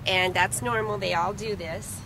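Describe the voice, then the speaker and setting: A middle-aged woman, a retriever trainer, explaining a training step calmly with frequent ums. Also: medium pitch, unhurried. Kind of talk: instructional demonstration. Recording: outdoor recording with clear background noise.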